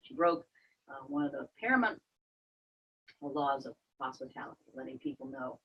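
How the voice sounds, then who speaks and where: A Bible study leader talks through a passage with a group, animated and quick to act out the lines in a raised voice. The voice is husky and a bit breathy, middle in pitch. The recording is dull and lo-fi. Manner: animated, acts out quotes in a raised voice.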